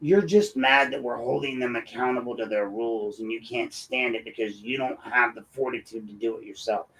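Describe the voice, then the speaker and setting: A man's voice: mid-range voice, a little fast, a bit bright, rough recording. A man hosting his own show, ranting in a combative and mocking commentary. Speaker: host and local activist.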